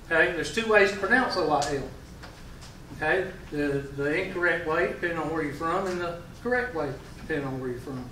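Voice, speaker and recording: Bright Southern man teaching a class. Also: on the high side, brisk, a little hiss or hum. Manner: folksy, joking, quizzes the class with questions. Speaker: math teacher. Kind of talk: classroom lecture. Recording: roomy classroom, mic far away.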